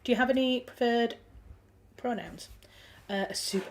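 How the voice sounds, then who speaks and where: A woman's voice: a little high, moderate pace, a little hiss or hum. A woman with a Yorkshire accent hosting a writing livestream, chatting casually and reading out viewer comments with frequent ums and restarts. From Yorkshire, England. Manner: chatty, friendly, thinks aloud with many ums and restarts. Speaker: livestream host.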